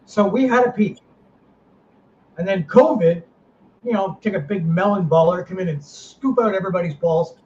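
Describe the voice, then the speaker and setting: A middle-aged man in a podcast chat whose fairly high voice swings around, ranting with heat and swearing freely. The sound is slightly dull, with a faint hiss behind it. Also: normal speed, darkish tone. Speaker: paranormal team director, host.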